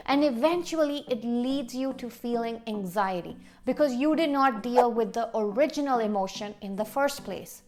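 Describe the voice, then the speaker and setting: A woman life coach giving earnest, direct self-help advice. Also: a little high. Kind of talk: motivational coaching talk.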